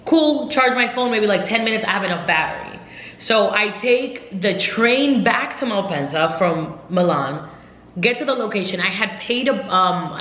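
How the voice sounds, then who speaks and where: A young woman vlogger telling a travel story in a casual storytime chat. She rambles, leans on lots of fillers and retells events in a lively way. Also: lowish voice. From United States. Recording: roomy echo.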